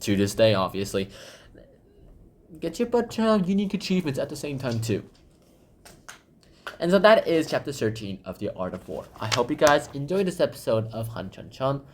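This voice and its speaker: A man's voice: mid-range voice, sing-song, moderate pace, long pauses, slight background noise. A man hosting a book summary channel, talking casually in a rambling way with lots of fillers.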